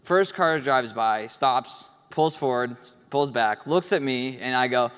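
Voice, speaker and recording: Man, award speech, casual and humorous storyteller, smooth voice, reverberant hall. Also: medium pitch, slow, fairly bright tone. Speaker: award speaker. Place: event hall stage. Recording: echoey hall.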